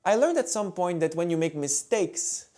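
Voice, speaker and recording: Male music teacher; steady, patient instruction with a lively melodic voice. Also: high-pitched, moderate pace. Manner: calm, clear, demonstrative teaching. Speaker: violin teacher. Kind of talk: instructional video talk.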